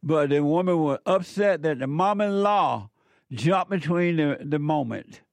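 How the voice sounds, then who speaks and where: A man hosts a call-in show. His voice sits a bit high for a man and he lectures emphatically, repeating his points. The sound is dry and close. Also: expressive, unhurried, gravelly, no echo. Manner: preachy, emphatic, repeats phrases. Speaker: radio talk show host. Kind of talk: call-in radio talk.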